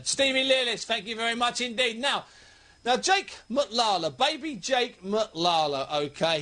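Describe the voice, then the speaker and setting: A man hosts a boxing radio show with a high-pitched voice. He talks in an emphatic, chatty way and rattles off fight records. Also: fairly bright tone. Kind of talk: radio talk show hosting.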